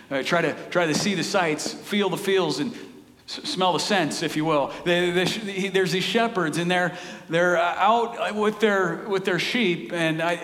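A man preaching, with a voice that sits a little high for a man. He talks in an earnest, conversational way and often restarts his phrases. The room is echoey, with a long reverb trailing after each line. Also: fairly bright tone. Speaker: pastor. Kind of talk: sermon.

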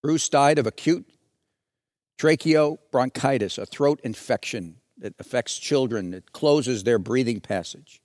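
A man preaching a sermon, telling a story dramatically and swinging from soft, low passages to loud, raised ones. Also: measured pace, no echo, clean studio sound. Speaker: pastor.

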